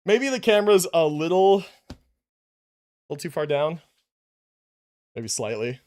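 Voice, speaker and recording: A young man with a high voice rambles to his live chat from a room at home. He talks loosely, restarting sentences and piling on fillers, sometimes drifting away from his desk mic. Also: sing-song, a little slow, darkish tone. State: out of breath after push-ups. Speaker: livestreamer. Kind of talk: casual live-stream chat. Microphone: desk mic, moves away from it.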